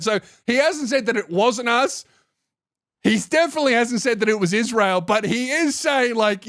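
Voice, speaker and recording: A young man with a fairly high voice riffs through a loose comedic monologue for his podcast. He rambles, restarts his sentences and swears freely. His voice sounds close and dry, with no room echo. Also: animated, moderate pace, a bit bright.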